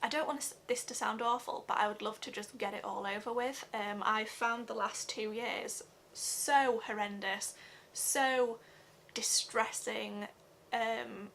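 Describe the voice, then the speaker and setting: A young woman giving an earnest personal vlog update, talking haltingly with many fillers. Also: fairly high pitch, fairly even intonation, gravelly, a bit bright, a little hiss or hum. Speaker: vlogger.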